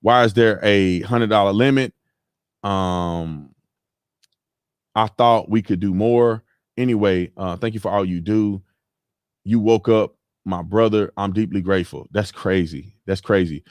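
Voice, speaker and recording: A man hosting a livestream who rants heatedly about politics, his voice swinging from loud outbursts to low mutters, with features. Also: unhurried, dry recording. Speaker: livestream host. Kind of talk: livestream commentary.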